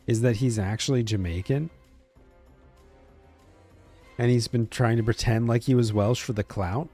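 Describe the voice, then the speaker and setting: A man's voice: medium pitch, unhurried, dark tone. Male streamer, casual and chatty, talking to chat over faint game music. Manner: chatty, answers chat, hesitant restarts.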